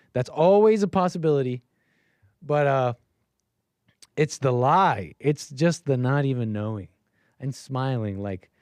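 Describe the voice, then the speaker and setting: A man's voice: medium pitch, darkish tone, dry recording. A man hosting a live stream, reacting to a video clip in casual, sarcastic and rambling commentary that often repeats itself.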